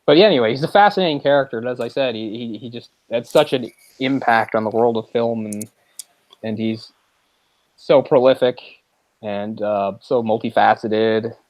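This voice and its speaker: A man co-hosts a film podcast, chatting casually and rambling with lots of fillers and frequent restarts. His voice is medium-pitched and a little mellow, at normal speed, with no echo.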